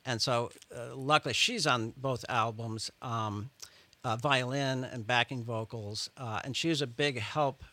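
A man's voice: mid-range voice, unhurried, sharp tone. A man talking as a musician guest in a studio interview, rambling with many fillers and restarts. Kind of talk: casual interview chat. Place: radio studio.

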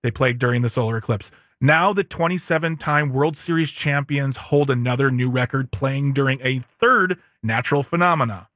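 A man's voice: mid-range voice, moderate pace, few pauses, a bit bright, no room sound, studio quality. A man co-hosting a podcast, reading news headlines aloud in casual chat and breaking off for joking asides and stumbles. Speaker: podcast co-host.

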